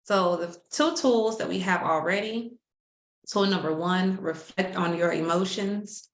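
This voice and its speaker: A woman therapist walks viewers through relationship tools in a steady, practical way, with small restarts as she goes. Her voice is fairly low. The sound has a roomy echo. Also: unhurried, slight background noise. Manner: steady explaining, sports metaphors, small restarts. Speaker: therapist co-host. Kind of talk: explaining counseling tips.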